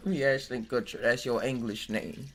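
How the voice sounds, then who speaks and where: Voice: medium pitch, fairly bright tone, husky. A podcast host in casual chat who jokes, laughs often, reads articles aloud and stumbles over words.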